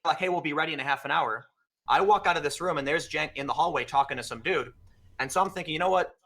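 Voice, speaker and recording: Guy talking real fast, bright sharp voice, telling a story in a casual chat. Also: a little high. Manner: fast, animated anecdote-telling with quoted exchanges. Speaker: podcast guest.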